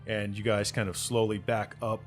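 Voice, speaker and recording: A man's voice: on the low side, little pitch movement, normal speed, faint music behind. A man running a tabletop game as game master, narrating in a loose, rambling way.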